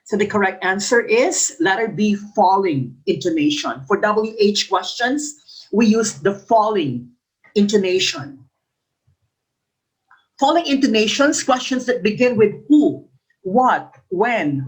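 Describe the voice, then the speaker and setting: A woman's voice: mid-range voice, rough recording. A woman teaching an exam review lesson. She reads each question and its options aloud, then explains and repeats the answer, modeling example sentences with exaggerated intonation.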